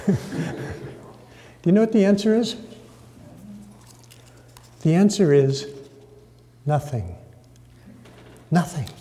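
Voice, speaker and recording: A man delivers a sermon at a slow, deliberate pace, his voice fairly high for a man yet soft and mellow. He dramatizes key words and turns to the audience for a show of hands. The sound carries the long reverb of a large hall. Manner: dramatic emphasis, polling the audience. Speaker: preacher.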